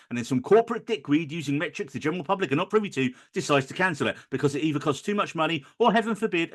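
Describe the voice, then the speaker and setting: A man's voice: fairly high pitch, fairly bright tone. A man hosting a podcast, reading a sarcastic, ranting intro in a casual way. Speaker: podcast host. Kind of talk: casual chat and scripted intro rant.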